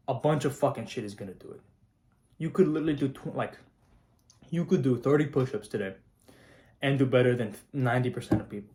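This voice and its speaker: A teenage high school student talking casually to camera, swearing often and getting fired up, with lots of filler words. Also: male voice, warm tone. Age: teens. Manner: profane, hyped, heavy "like" and "not gonna lie". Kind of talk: casual vlog monologue.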